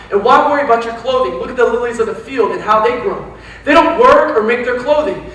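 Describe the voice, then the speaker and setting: Youth pastor, male, high-pitched, lively casual sermon delivery, echoey church recording picked up from a distance. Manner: animated, talks straight to the crowd with quick asides. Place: church sanctuary.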